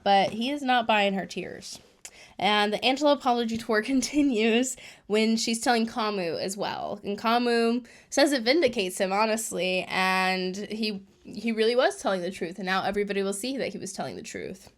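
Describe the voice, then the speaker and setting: Chatty woman recapping a reality show. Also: mid-range voice. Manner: chatty, animated retelling with frequent fillers. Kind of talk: casual recap monologue.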